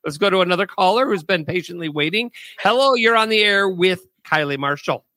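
Male co-host, animated and upbeat, steers the show, dry mic. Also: high voice, brisk, dry recording. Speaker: co-host taking callers. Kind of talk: radio-style talk show hosting.

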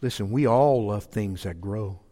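A man's voice: fairly low pitch, unhurried, warm tone, in a large hall. A man preaching a sermon in a folksy, emphatic way, repeating his key phrases. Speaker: pastor.

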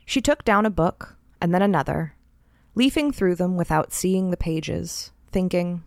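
A woman host narrating a short story in a measured, deliberate reading style. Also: on the low side, vocal fry, a little mellow, no room sound, clean studio sound.

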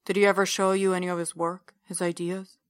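A woman voicing a big older man, a brooding cult believer holding someone captive, in a low, quiet, confiding voice. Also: little pitch movement, brisk, no room sound, studio quality, natural voice.

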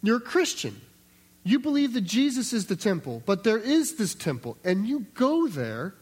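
A man's voice: sits high, wildly swooping pitch, moderate pace, darkish tone, slightly rough. A pastor preaching an expository sermon in a conversational way, acting out quoted voices and repeating words as he restarts.

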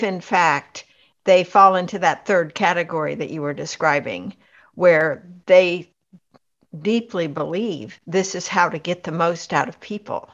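A woman hosting an interview and asking measured, reflective questions. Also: fairly low pitch. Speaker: host. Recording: dull lo-fi recording.

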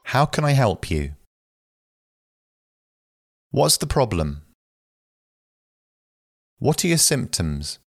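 A man reading short phrases aloud for language learners, slow and careful, one at a time. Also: medium pitch, very animated, no echo, clean studio sound, soft background music. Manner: slow, careful, evenly paced phrase delivery. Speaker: phrasebook reader.

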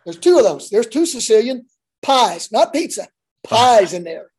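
Male basketball coach, warm mellow tone, folksy storyteller who rambles and restarts his sentences. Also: extremely high pitch, big pitch swings, a little slow, breathy edge. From Oklahoma. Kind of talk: casual interview storytelling.

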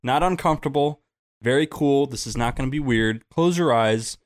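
A young man co-hosting a casual podcast, lively and quick to laugh, who also reads out a rhyming poem slowly. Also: medium pitch. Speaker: podcast co-host. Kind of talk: casual chat with poem reading.

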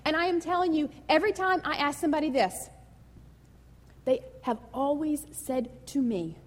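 A woman pastor preaching a sermon in a lively, conversational and emotional way. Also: high voice, moderate pace, big-room sound.

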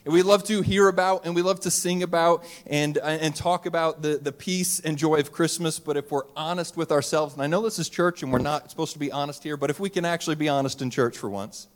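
A man's voice: a little high, a little fast, few pauses. A man, a pastor giving a casual, conversational Christmas sermon to a live church audience and joking with the crowd.

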